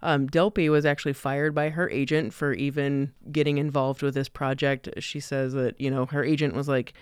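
A man co-hosting a film podcast, laying out behind-the-scenes facts. His voice is very crisp and resonant, recorded dry and close. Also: medium pitch, steady tone, normal speed, few pauses, dry recording. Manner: informative, recounting background facts. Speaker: podcast co-host.

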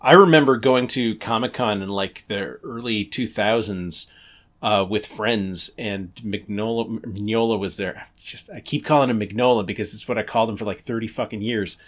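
A man's voice: lowish voice, normal speed. A man in his forties hosting a comics podcast, chatting casually, laughing often and swearing now and then. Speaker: podcast host. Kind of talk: casual chat.

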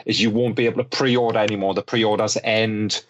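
A man with a fairly low voice adds calm, measured remarks to the conversation. There is a faint hiss of noise behind him. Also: dull audio. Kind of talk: casual podcast chat.

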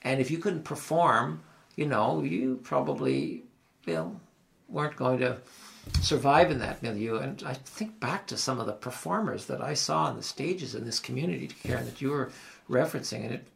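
A man's voice: mid-range voice, moderate pace, creaky. An older man with an Ottawa Valley accent, hosting a local talk show and telling stories in a rambling, reflective way with restarts and asides. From Ottawa Valley, Canada. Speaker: host. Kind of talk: reflective conversational storytelling.

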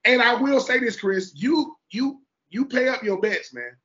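A man's voice: very high voice, expressive, a little slow, bright, forceful tone. A middle-aged man hosting a podcast interview, talking loosely and jokingly and acting out the people he quotes. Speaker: podcast host. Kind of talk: casual interview chat. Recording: dull lo-fi sound.

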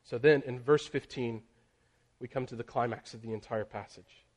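Man preaching, dropping soft on key words. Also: steady tone. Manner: builds in pitch and volume on emphatic lists; slows and drops very soft on key phrases. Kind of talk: sermon.

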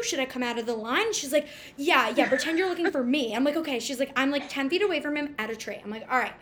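A woman's voice: sits high, fast talker, hardly any pauses, a bit bright, slight background noise. A young woman animatedly telling a story in casual chat, acting out the dialogue. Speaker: storyteller guest.

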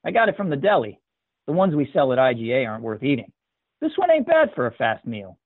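A man's voice: medium pitch, sing-song, fairly quick, dry recording. A man voicing a weary, henpecked middle-aged husband who talks in a laid-back drawl, on a tinny, dry recording. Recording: tinny dry phone-like sound.

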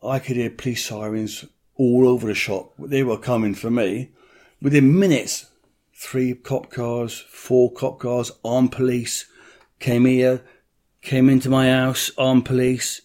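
A man's voice: medium pitch, fairly even intonation, a little slow, a little mellow. A middle-aged man, telling a story bluntly in an interview, swearing freely and acting out other people's voices.

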